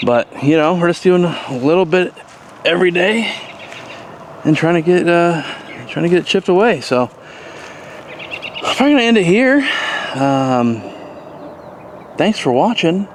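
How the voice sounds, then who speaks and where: Outdoors on his homestead, a man with a high voice talks at a measured pace, pausing often, with slight background noise. This vlogger rambles through a relaxed tour of his garden and animals, using lots of fillers while hiccuping.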